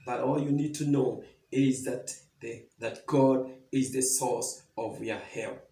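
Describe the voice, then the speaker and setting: A man's voice: medium pitch, steady tone, takes it slowly, gravelly, dark tone. A man preaching a sermon, earnest and reassuring, repeating his message again and again. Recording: roomy, distant mic.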